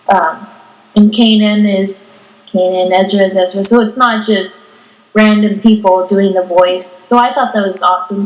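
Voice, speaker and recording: A woman's voice: mid-range voice, echoey room, rough recording. A teenage girl co-hosting a podcast, chatting casually and giggling as she acts out what people said. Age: teens. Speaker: podcast co-host. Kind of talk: casual chat.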